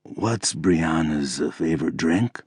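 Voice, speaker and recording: A man voicing a creepy male stalker in a nightclub who speaks in a hushed, menacing way. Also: rumbling low, slow, breathy edge, no echo, studio quality, full character voice. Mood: curt. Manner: quiet, hushed menace; yells when ignored.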